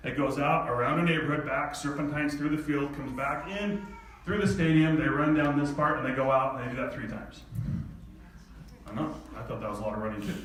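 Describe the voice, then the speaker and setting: A man telling a personal story to an audience in an animated way, laughing often. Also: on the high side, a little hiss or hum. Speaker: speaker. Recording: echoey hall from far off, faint ambience.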